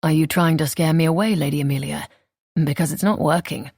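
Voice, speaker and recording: A charming suitor from a romance audiobook who teases gently, voiced by a woman. The voice is low and husky. It sits close and dry. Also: steady tone, fairly quick, dry recording. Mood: teasing. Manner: teasing, low-key. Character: charming, amused male suitor. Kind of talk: audiobook character reading.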